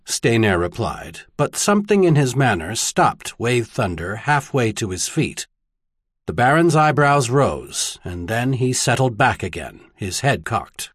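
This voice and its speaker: Casting: male audiobook narrator, husky tone, lively pitch, dry close studio sound. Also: a little slow, no echo. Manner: expressive storytelling. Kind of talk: scripted narration.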